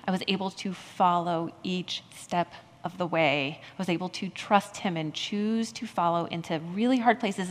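A woman pastor giving a candid, self-deprecating personal testimony in a sermon, laughing at herself now and then. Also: mid-range voice. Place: church sanctuary. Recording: long hall reverb from a church sanctuary.

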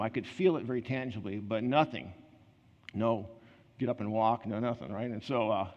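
A man preaching a conversational sermon, telling personal stories in an earnest way with quick asides and restarts. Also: medium pitch. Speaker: pastor. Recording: reverberant hall, slightly muffled.

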